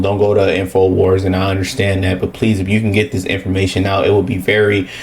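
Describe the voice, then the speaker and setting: A man's voice: on the low side, darkish tone. A man giving casual reaction commentary, emphatic and rhetorical, often tagging his points with a questioning "okay?".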